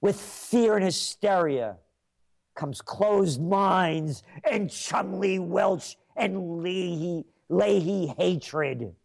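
A man's voice: sits high, gravelly. An older man hosting a trends commentary show, delivering an opinionated monologue with emphatic, repetitive declarations.

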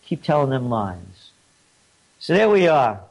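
A man's voice: mid-range voice, very animated, a little slow, creaky, darkish tone. A man hosting an opinion commentary, indignant and mocking, his voice rising when he gets riled. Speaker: host.

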